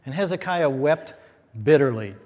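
A man's voice: a little high, lively intonation, normal speed, darkish tone. An American man from a church, teaching a Bible lesson in a conversational, emphatic way with wry asides. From United States. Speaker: pastor. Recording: long reverb of a hall.

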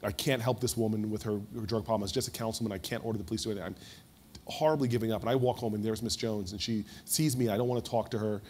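Fast-talking man on a conference panel. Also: on the low side, slight background noise. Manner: rapid and animated, with quick restarts. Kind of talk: panel discussion storytelling. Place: stage at a conference before an audience.

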